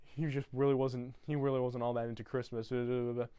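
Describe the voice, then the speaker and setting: A man's voice: mid-range voice, flat delivery, brisk, dark tone, clean tone, dry recording. A young man rambling through a comedic movie recap in a loose, crude, casual way. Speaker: YouTuber.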